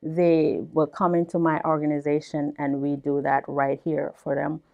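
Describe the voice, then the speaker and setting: A woman's voice: deep voice, little pitch movement, moderate pace, gravelly, highs cut off. A woman business owner being interviewed, telling her story emphatically and repeating words as she builds.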